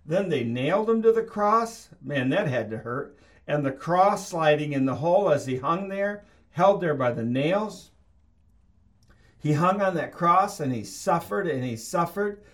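A man preaching a sermon, reading scripture aloud and slowing down to stress his points earnestly. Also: fairly high pitch. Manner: earnest, emphatic, slows for stress.

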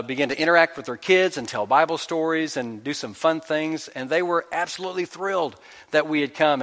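A man's voice: fairly high pitch, fairly bright tone. A man preaching a sermon in a conversational, storytelling way, acting out the doubts of his listeners. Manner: conversational storytelling with acted-out inner voices. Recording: long hall reverb.

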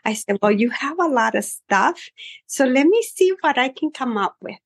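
Hairstylist lady chatting away about her clients, kinda high voice, does all their voices, lots of ums. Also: moderate pace, breathy edge. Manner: animated, acts out her clients' voices, many fillers. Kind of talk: casual storytelling interview.

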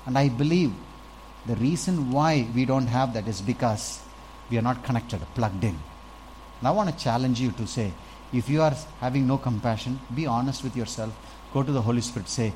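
A man preaching a sermon as pastor, animated, swinging from quiet stretches to loud bursts as he acts out little scenes. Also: medium pitch, fairly quick, slight background noise, poor audio.

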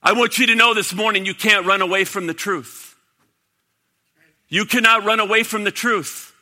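A man preaching a sermon to a congregation, dramatic, swinging from loud to hushed. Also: high-pitched, steady tone, moderate pace. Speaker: pastor. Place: church sanctuary. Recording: long hall reverb.

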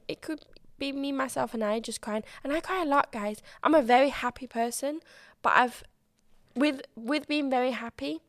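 A woman's voice: fairly high pitch, dry recording, clean studio sound. A woman hosting her own podcast, chatting candidly and expressively and swearing freely. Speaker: podcast host. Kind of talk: casual solo podcast chat.

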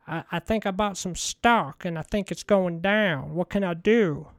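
A man putting on the voice of a nervous male caller who is worried about his stocks and speaks haltingly. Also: sits high, no room sound, studio quality. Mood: anxious.

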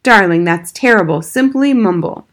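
A woman voicing a calm, comforting mother in a storybook reading. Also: medium pitch, moderate pace, lightly acted. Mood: soothing. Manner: soft, comforting.

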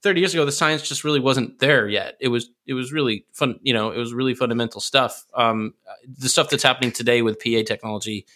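Fast, bright-voiced man talking shop. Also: medium pitch, slight background noise. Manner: fast, thoughtful, with frequent restarts. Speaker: audio system engineer. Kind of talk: casual panel discussion.

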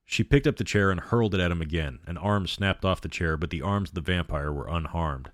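Man, storyteller, reading aloud, steady, very deep voice, dry close sound. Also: a little fast, no echo.

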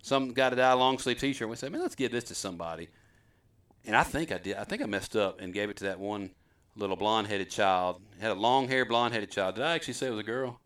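Bright-voiced man telling stories. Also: on the low side, quick pace, far from the mic. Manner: rambling, self-deprecating, folksy. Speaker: host. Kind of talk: casual storytelling chat.

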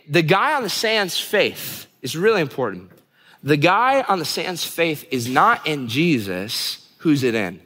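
Young guy preaching, chatty and jokey, voice echoing through a big hall. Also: a little high. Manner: conversational, animated, teasing the audience. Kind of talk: sermon. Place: church hall before a live congregation.

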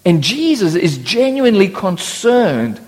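A man's voice: sits high, sing-song, unhurried. A man preaching a sermon, acting out biblical voices with humorous asides. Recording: long reverb of a church hall.

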